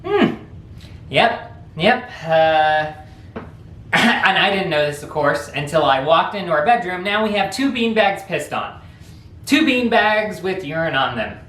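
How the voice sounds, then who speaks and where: A man's voice: high voice, fairly bright tone, echoey room. A man telling a funny childhood story in a rambling, casual way, laughing often. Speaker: vlog host.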